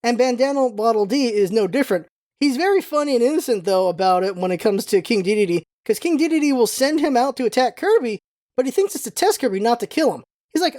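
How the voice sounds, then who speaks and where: A young woman hosting a podcast in a chatty, rambling, excitable way. Her voice is higher than most but mellow and warm in tone. It sits very dry and close, with no room sound around it. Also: no room sound. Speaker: podcast host. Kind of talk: casual rewatch podcast commentary.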